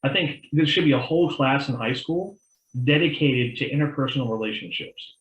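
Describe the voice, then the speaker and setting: A man's voice: medium pitch, a little fast, a bit bright, roomy sound, lo-fi sound. A man co-hosting a podcast in casual chat, rambling with many restarts and acting out the people he quotes. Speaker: podcast co-host.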